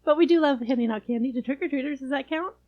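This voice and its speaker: Female podcast co-host, friendly and matter-of-fact, a little high in pitch. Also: fast, highs cut off. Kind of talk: casual chat.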